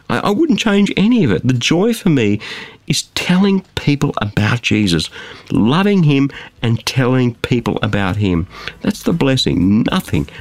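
A man's voice: medium pitch, gravelly, no room sound. A man preaching a sermon from a studio, emphatic and full of rhetorical questions. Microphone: close studio mic.

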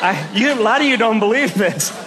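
A man's voice: sits high, expressive, a little fast, background noise. A male stand-up comedian telling a story, acting out scenes in a mock-stern parent voice.

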